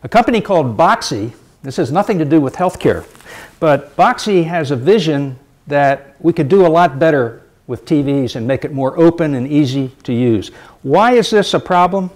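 A middle-aged man giving a public lecture, lively and emphatic, repeating his key points for effect. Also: fairly high pitch, normal speed.

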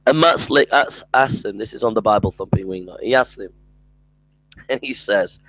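A man's voice: fairly low pitch, moderate pace, fairly bright tone, no room sound, rough recording. Emphatic man in a dry, close recording. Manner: emphatic, repeats phrases, mimics opponents. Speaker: Christian apologetics speaker. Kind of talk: casual monologue.

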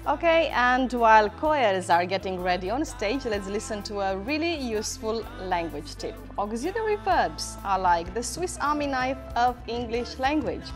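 A female magazine-show host links between segments in a friendly, upbeat way. Her pitch is fairly high and moves a lot, and music plays clearly behind her. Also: big pitch swings, moderate pace, hardly any pauses. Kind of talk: casual interview and links.

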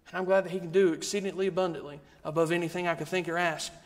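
High-voiced preacher in a reverberant church. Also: male voice, steady tone, racing. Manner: rhythmic, repetitive preaching with rising emphasis. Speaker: guest preacher. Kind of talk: sermon. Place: church sanctuary. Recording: long reverb of a church hall.

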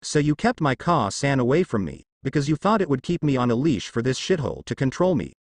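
A man's voice: medium pitch, sing-song, fairly quick, dry recording, studio quality. A man voicing a cocky, cold young male ninja who mocks and threatens in a taunting manner. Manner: taunting and mocking.

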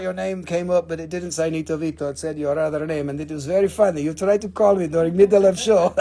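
A man's voice: high voice, darkish tone. A man hosting a live rock auction, chatting casually with joking, playful salesman patter. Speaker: host selling rocks in a live auction.

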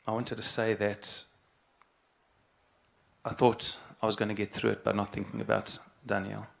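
Speaking earnestly but haltingly, this middle-aged rabbi repeats phrases to drive his points home. The pitch is fairly low and the tone level, with audible vocal fry and a fairly bright timbre.

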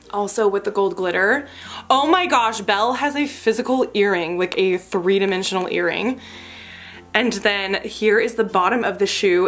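A woman vlogger unboxing a haul, gushing with excitement and breaking into gasps and exclamations. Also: medium pitch.

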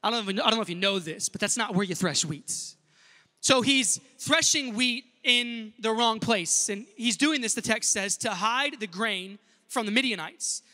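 A man's voice: high-pitched, moderate pace, sharp tone, in a large hall. A male pastor preaching an earnest sermon in a church and speaking directly to the congregation. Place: church sanctuary.

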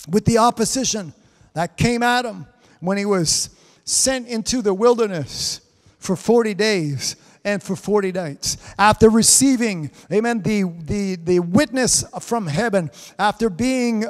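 A man preaching a live-streamed sermon, fervent and punctuated with amens and hallelujahs. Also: high-pitched. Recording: reverberant hall sound.

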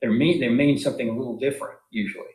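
A man's voice: mid-range voice, racing, darkish tone. A man giving an informal philosophy lecture in an emphatic way, asking his class many rhetorical questions. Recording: echoey room.

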